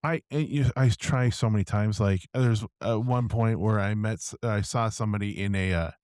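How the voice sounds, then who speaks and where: A man's voice: fairly low pitch, normal speed, darkish tone, smooth, no room sound. Rambling man telling an anecdote, dry sound. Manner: rambling storyteller with many fillers. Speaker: podcast co-host. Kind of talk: casual chat.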